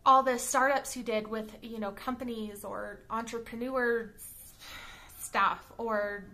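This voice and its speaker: A woman's voice: on the high side, steady tone, a little slow, pushed and bright. A woman giving a casual tarot card reading, chatty and blunt, who keeps checking in with "okay?" and "all right?". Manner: blunt, with the odd swear word. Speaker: tarot reader.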